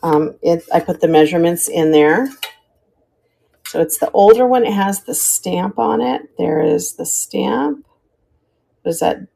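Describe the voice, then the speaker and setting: Warm and gravelly, on the low side, this voice belongs to a retired teacher now auctioning vintage goods over a live stream. She chats in a friendly, easygoing way about each item, sometimes stopping as she hunts for the right word.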